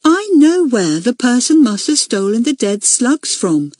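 A woman's voice: on the high side, big pitch swings, moderate pace, a little mellow, slightly rough, no echo, clean studio sound, pitched above the performer's own voice. Woman voicing a self-important little girl. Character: little girl, eager tattletale.

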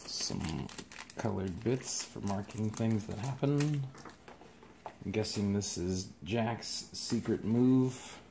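A man's voice: lowish voice, slow, vocal fry, noisy background. A young man chatting casually with his partner in a home vlog, dry and joking. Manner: dry, joking, playfully puts on accents. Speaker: vlogger's partner. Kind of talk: casual conversation.

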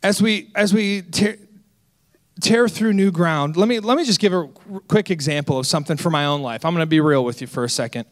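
A man in his twenties, a senior associate pastor, preaching a sermon with lively self-deprecating stories. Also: fairly high pitch, a little fast. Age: 20s. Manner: energetic, storytelling with self-deprecating humor.

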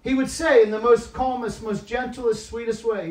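A man with a high-pitched voice preaches a sermon, dropping to soft, confessional tones and then rising into loud, emphatic appeals. He is recorded from a distance in an echoey church hall, so his voice rings around the room. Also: fairly even intonation, normal speed, few pauses. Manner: swings between soft, tearful-toned confession and loud emphatic exhortation. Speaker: guest preacher.

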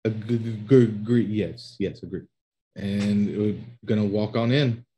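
A man's voice: on the low side, steady tone, a little slow, mellow, a little hiss or hum, low-quality recording. A man playing a tabletop game, speaking hesitantly and stammering as he describes his character's moves. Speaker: player. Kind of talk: casual tabletop play.

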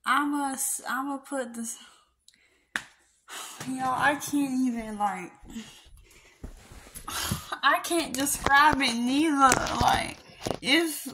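A woman's voice: sits high, drawn-out words, long pauses, pushed and bright, a little hiss or hum. A young woman venting to her viewers about a rejection, rambling with sighs, trailing off and nervous laughs. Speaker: vlogger. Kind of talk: emotional rant to camera.

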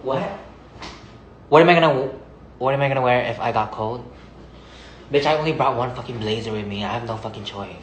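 A man from Hawaii rants and gushes into a phone held at arm's length, his voice sitting at an ordinary middle pitch. He is sassy and theatrical, swearing freely in a casual story-vlog way. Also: brisk, long pauses, a little hiss or hum, rough recording. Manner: sassy, profane, dramatic. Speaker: social media personality.

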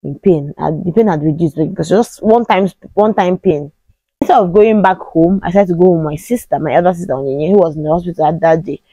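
A woman's voice: on the low side, fast, dark tone, breathy edge, no echo, poor audio. A Nigerian woman in her thirties with a Nigerian accent, telling a personal story to the camera in a casual way and acting out the voices of the people in it. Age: 30s. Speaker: vlogger.

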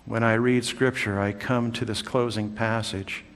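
A man preaching a sermon in a church, swinging from loud calls down to hushed whispers. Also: fairly low pitch, level tone, measured pace. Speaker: pastor. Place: church sanctuary. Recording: long church hall reverb.

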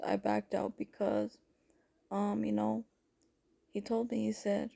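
A woman's voice: medium pitch, completely flat delivery, slow pace, gravelly, warm tone. A woman telling her personal spiritual story to viewers in a rambling, emotional way, calling them folks and honey. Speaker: spiritual content creator. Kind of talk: personal testimony vlog.

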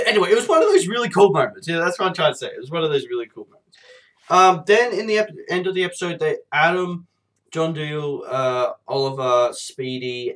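A man's voice: mid-range voice, a bit bright. A man with a sore throat and a blocked nose, reviewing TV episodes in a casual, rambling way, full of fillers and swearing.

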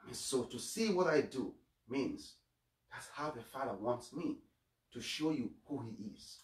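Echoey priest preaching from a distance. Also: male voice, mid-range voice, animated, moderate pace. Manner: earnest, repeats words, stumbles on starts. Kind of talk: homily. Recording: echoey room, voice away from mic.

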